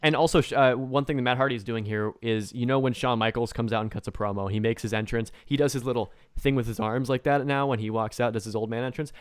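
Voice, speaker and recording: A man co-hosting a wrestling podcast, chatting in an animated, joking way and slipping into mocking impressions. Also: mid-range voice, quick pace, few pauses, clean tone, no room sound, clean studio sound. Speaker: podcast co-host. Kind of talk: casual chat.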